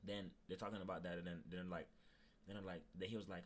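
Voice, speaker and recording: A man's voice: sits low, flat delivery, quick pace. A young male streamer with a Haitian Creole-tinged Florida accent, emotionally ranting on a livestream, repeating himself for emphasis and fighting back tears. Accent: Haitian Creole-influenced Floridian English. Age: young adult. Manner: repetitive, emphatic, slangy.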